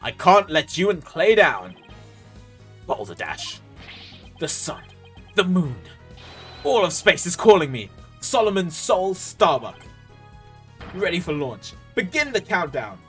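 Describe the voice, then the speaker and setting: A man acting out an emotional middle-aged astronaut who cries out his lines with grand, strained bombast. The pitch climbs and falls in wide, lively arcs. A little music sits underneath. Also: slow, long pauses, heavily acted. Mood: fired up. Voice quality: loud, theatrical, strained shouting. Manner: swings from timid stammering to bombastic speeches.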